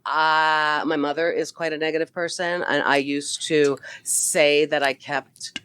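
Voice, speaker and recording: A middle-aged woman comedian talks in a lowish voice, spinning animated stories on a podcast. She swears freely and laughs easily. The sound is dry and close to the mic. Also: a little slow, clear, resonant tone, no room sound. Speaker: guest comedian. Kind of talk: casual podcast chat.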